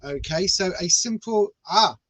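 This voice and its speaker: A man's voice: high-pitched, unhurried, heavy background noise. A man chatting playfully on a live stream while giving tarot readings, calling his viewers "my darling". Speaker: tarot reader.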